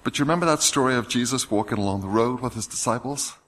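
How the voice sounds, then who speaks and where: A man's voice: medium pitch, fast, fairly bright tone, slight background noise. A man preaching a sermon, reading scripture passages aloud with rising emphasis.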